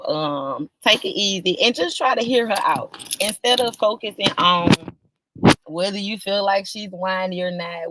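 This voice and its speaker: A woman hosting a live stream, greeting viewers one by one in a casual chat, with drawn-out greetings that jump up high. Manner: warm, drawn-out greetings with sudden high lifts.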